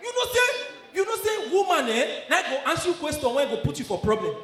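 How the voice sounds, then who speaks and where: A man with a Nigerian accent doing live stand-up, loud and laughing as he works the crowd. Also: very high-pitched, big pitch swings, brisk. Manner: loud, laughing, mixes Nigerian Pidgin with English. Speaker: stand-up comedian. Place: live comedy venue. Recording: echoey live room, faint ambience.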